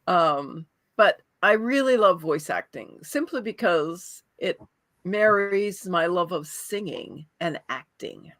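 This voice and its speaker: Brief: woman voice actor as guest, animated pitch, unhurried delivery, dry close sound. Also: dry recording. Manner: animated, quick to laugh and affirm. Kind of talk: casual interview chat.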